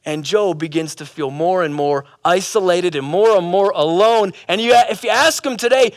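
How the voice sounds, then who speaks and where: Man, pastor, casual animated sermon, dry close recording. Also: high-pitched, moderate pace, few pauses, dry recording. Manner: animated storyteller, casual slang. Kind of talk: sermon with a comic parable.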